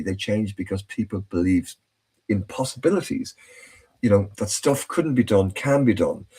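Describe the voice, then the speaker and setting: A man's voice: lowish voice, darkish tone, slightly rough. A man hosting a casual podcast chat, telling anecdotes in a chatty way with many restarts. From Ireland. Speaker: host.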